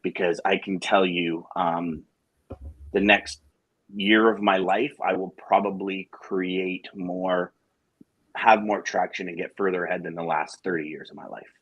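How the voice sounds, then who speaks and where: A man's voice: low-pitched, little pitch movement, measured pace, a bit bright, slightly rough, dry recording, muffled recording. A man co-hosting a live show, talking to listeners frankly and with emotion, with blunt swearing and jokes. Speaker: co-host of a live sales morning show. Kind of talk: candid casual talk to listeners.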